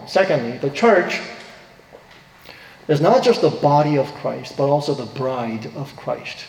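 A man's voice: on the high side, a little mellow. Preaching man in an echoey hall. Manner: earnest preaching with rising emphatic quotes. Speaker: pastor. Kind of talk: sermon. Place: church sanctuary. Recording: echoey hall, distant reverb.

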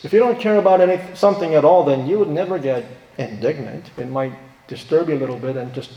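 A man's voice: a little high, fast, lo-fi sound. A man preaching a sermon with emphasis and rhetorical questions. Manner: emphatic, rhetorical questions, acts out quoted voices. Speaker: pastor. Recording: roomy hall with long reverb.

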